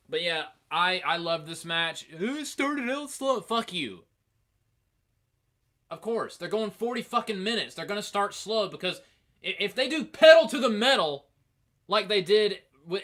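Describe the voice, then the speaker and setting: A man hosting a casual review show, talking in an animated, rambling, profane way. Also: fairly high pitch. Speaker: host.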